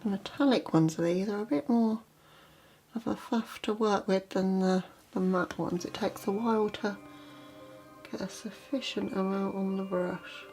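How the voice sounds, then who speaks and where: A woman's voice: medium pitch, unhurried, faint music behind. Chatty woman narrating a makeup tutorial. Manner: chatty, relaxed, explains as she works. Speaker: makeup vlogger.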